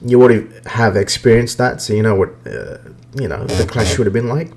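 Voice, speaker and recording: A man holds forth on video games in a loose, off-the-cuff podcast rant. He swears constantly and speaks bluntly, at an ordinary middle pitch for a man. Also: normal speed, gravelly, darkish tone. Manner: profane, blunt, ranting. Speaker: podcast host. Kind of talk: casual gaming rant.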